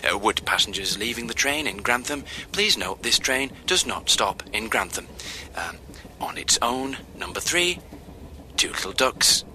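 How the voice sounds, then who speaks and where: A man playing a lovelorn train guard who muses in a hushed, half-whispered voice. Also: on the low side, slight background noise. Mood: distracted.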